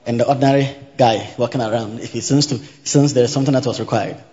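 A man preaching a sermon in a church hall, repeating each point slowly and checking that the congregation is following. His voice carries a long reverb through the room, and the recording sounds dull and muffled. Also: medium pitch, fairly even intonation, warm tone. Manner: teaching by repetition, asking the congregation if they follow; interjects hallelujah.

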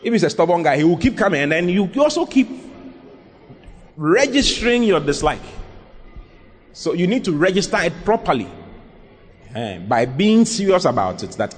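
A man's voice: on the high side, big pitch swings, moderate pace, pauses often. A male pastor giving earnest, emphatic counsel during a sermon Q&A, often repeating his points. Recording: long reverb in a large hall.

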